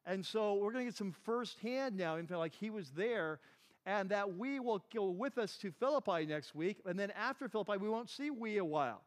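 This pastor teaches a Bible class through a conversational sermon, asking listeners questions and often saying "like" and "right." He has a high-pitched, expressive voice and a moderate pace.

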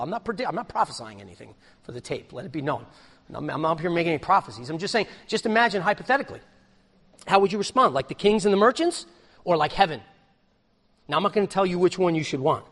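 A man preaching a sermon, swinging from shouted exclamations down to quiet, low asides. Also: breathy edge, big-room sound. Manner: preaching with big swings in loudness, shouting hallelujahs then dropping low. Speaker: pastor.

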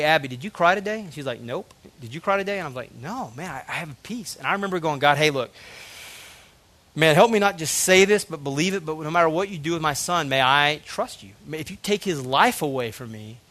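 A man's voice: fairly high pitch, a bit bright. A man in his thirties preaching a sermon, telling a personal story earnestly and emotionally, often saying "man". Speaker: pastor.

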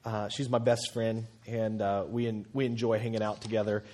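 A man's voice: fairly low pitch, little pitch movement, moderate pace, warm tone. A man in his thirties preaching a sermon as pastor, chatty and humorous, with many fillers and restarts. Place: church auditorium.

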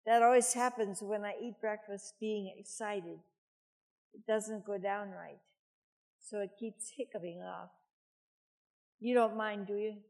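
A woman's voice: mid-range voice, fairly even intonation, measured pace, long pauses, darkish tone. An older woman preaching a sermon, chatty, with self-deprecating asides.

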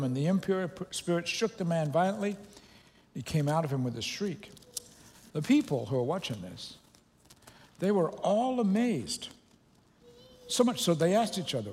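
A man's voice: a little high, lively intonation, brisk, a little mellow, in a large hall. A man giving a casual, joking sermon as a pastor, speaking to a congregation in a church. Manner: conversational and joking, with loose restarts. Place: church sanctuary.

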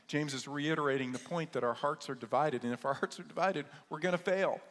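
A man's voice: on the high side, a little fast, few pauses, a bit bright. Man preaching in an echoey hall. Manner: repetitive, rhetorical questions. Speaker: pastor. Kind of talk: sermon. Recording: echoey hall with long reverb.

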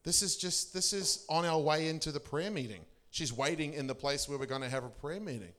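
A middle-aged man, a pastor telling testimony stories in a sermon. He laughs often and his voice leaps up for emphasis. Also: a little fast. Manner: animated storyteller, laughing often, pitch leaping for emphasis.

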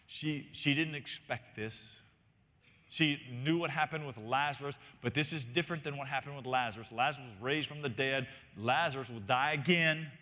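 A man's voice: medium pitch, bright, forceful tone, big-room sound. A man preaching a sermon as senior pastor, emphatic and reading scripture aloud.

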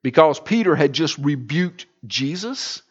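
A man as pastor, preaching a sermon with wide swings in pitch and loudness. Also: animated, measured pace, husky, muffled recording.

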